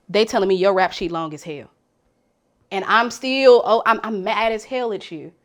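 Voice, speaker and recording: A woman speaking candidly and emotionally in a panel conversation, swinging from hushed to loud. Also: medium pitch.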